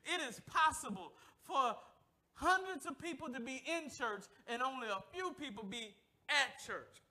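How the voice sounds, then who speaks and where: A man preaching a sermon in call-and-response style, asking the congregation to finish his sentences and acting out lively asides. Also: very high-pitched, measured pace. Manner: animated, acts out voices and laughs while preaching. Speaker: pastor.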